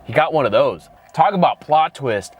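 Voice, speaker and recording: A man's voice: mid-range voice, expressive, normal speed, husky, lo-fi sound. A man co-hosting a casual movie review, ranting sarcastically with constant swearing and exasperation. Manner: heavily profane, exasperated, sarcastic. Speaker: movie reviewer, channel co-host.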